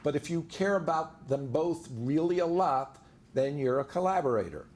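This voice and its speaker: Male attorney, slightly higher voice, conversational seminar lecturer who talks through stories. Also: expressive, moderate pace, darkish tone. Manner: conversational, anecdote-driven, acts out quoted dialogue. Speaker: divorce lawyer giving a seminar talk. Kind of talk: lecture to a live audience.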